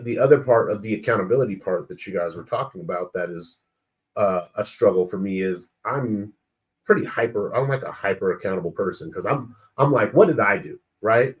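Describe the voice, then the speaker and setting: A married man in a casual group discussion, animated and acting out remembered exchanges with his wife. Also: lowish voice. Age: adult, married. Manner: animated, acts out quoted exchanges. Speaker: men's circle participant.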